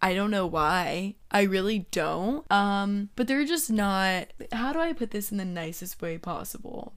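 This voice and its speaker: A young woman talks straight into the mic, hosting her own podcast. She rambles through a personal story in loose, casual chat, dropping "like" and curse words as she goes. Her voice sits at an everyday middle pitch for a woman. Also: clear, resonant tone. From American South. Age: young adult. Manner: chatty, swearing, lots of "like". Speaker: podcast host.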